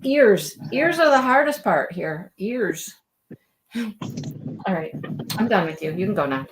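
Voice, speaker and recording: A woman hosting a live crochet-along in casual chat, animated and talking to her dog as she works. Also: mid-range voice, a little slow, noisy background.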